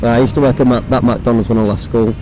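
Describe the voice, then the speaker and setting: Hoarse young man. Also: medium pitch, fairly even intonation, quick pace, over music, low-quality recording. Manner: casual, swears often. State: hoarse, croaky voice. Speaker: motovlogger. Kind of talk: casual rambling chat while riding. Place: on a motorbike on city roads. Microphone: phone recording inside a helmet.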